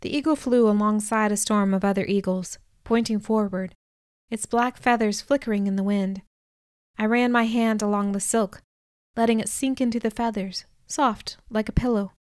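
A woman narrating a novel in the first person, telling it at a measured pace and lifting her voice for dialogue. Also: medium pitch, no echo, studio quality. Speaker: audiobook narrator.

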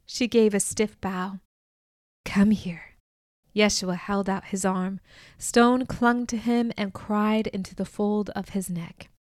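Woman narrator for a novel reading, unhurried and even, mid pitch. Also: no echo, clean studio sound. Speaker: audiobook narrator. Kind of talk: scripted first-person audiobook narration.

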